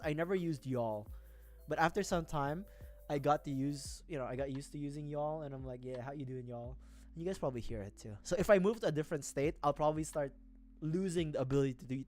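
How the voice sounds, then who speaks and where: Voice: mid-range voice, a little mellow. A streamer from the Philippines chatting casually on a livestream, rambling, self-mocking and laughing often.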